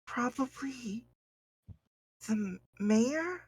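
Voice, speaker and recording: A woman's voice: fairly high pitch, animated, extremely slow, breathy edge, no room sound, voice pushed up, heavily acted, poor audio. A woman doing a timid, nervous young townswoman. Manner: hesitant, quavering questions.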